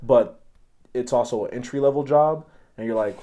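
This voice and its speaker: A man's voice: mid-range voice, moderate pace, mellow, slight background noise. A man hosting a casual podcast chat, joking, laughing often and swearing freely. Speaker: podcast host.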